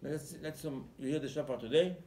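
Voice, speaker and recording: Animated rabbi in a roomy echo. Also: male voice, fairly high pitch, a little hiss or hum. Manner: animated storytelling, acting out dialogue with rising emphasis; halting, repeats words while searching for phrasing. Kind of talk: Torah sermon. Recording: roomy echo, faint background ambience.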